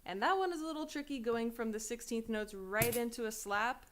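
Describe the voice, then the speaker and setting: A woman teaching a pandeiro lesson in a relaxed, encouraging way, speaking drum syllables and counting in. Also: fairly high pitch, fairly quick. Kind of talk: instructional music lesson. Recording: loud hand-drum music in background. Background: pandeiro playing.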